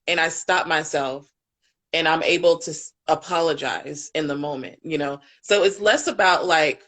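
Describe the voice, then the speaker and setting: A woman's voice: deep voice, expressive, moderate pace, fairly bright tone. Candid, impassioned woman parent coach. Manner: candid, impassioned, swears freely. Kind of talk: live panel discussion.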